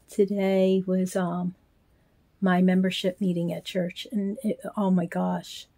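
An older woman, a reborn doll collector vlogger, gushes to her handheld phone camera from a small bedroom at home. Her medium-pitched voice is warm-hearted and casual, sprinkled with filler ums.

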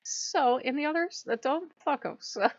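A woman's voice: high-pitched, expressive, moderate pace, muffled recording, slight background noise. A woman talking in a casual vlog monologue, blunt and profane, rambling and often breaking into laughs. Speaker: spiritual YouTuber.

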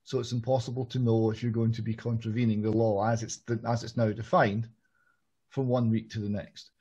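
A man from Scotland, hosting an interview and speaking in a measured, analytical way. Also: on the low side, flat delivery, dark tone, husky. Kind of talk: political interview. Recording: muffled lo-fi audio.

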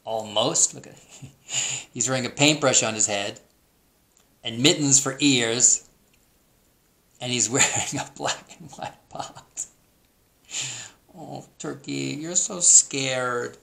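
A man's voice: medium pitch, slow, long pauses, pushed and bright. A man teacher reading a children's picture book aloud, with amused, chuckling asides.

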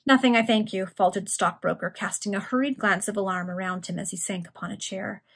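A woman reading an old novel aloud in an informal session, stopping now and then to react to the story. Her voice is husky and breathy, at a middle pitch. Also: little pitch movement, brisk, fairly bright tone. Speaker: reader.

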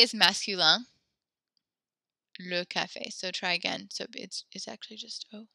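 A woman teaching a French class, giving brisk instructions that mix English and French and often correct herself mid-sentence. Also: mid-range voice, steady tone, vocal fry, bright, forceful tone, no room sound.

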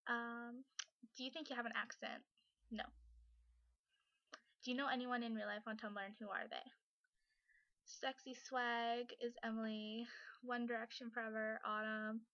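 A woman's voice: fairly high pitch, little pitch movement, a little slow, long pauses, bright, forceful tone, no echo, muffled recording. A young Canadian woman from British Columbia doing a casual accent challenge on a home webcam, reading word lists and a book passage. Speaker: vlogger.

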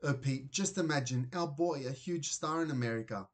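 A man voicing an excitable, gushing mother who works as a nail technician, in a children's storybook reading. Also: mid-range voice, normal speed, close to an everyday voice.

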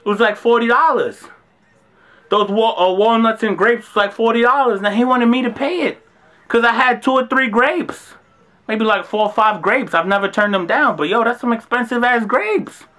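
A young man telling a travel story in a brash, animated storytime monologue, swearing freely and acting out the dialogue. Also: very high-pitched, moderate pace. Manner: brash, profane, acts out dialogue with rising outbursts.

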